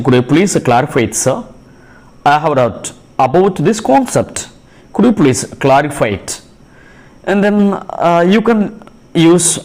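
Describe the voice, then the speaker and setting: A man teaching classroom phrases, pausing often with fillers and restarting sentences as he reads out examples. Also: fairly high pitch, darkish tone. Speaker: English teacher. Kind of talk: classroom English lesson.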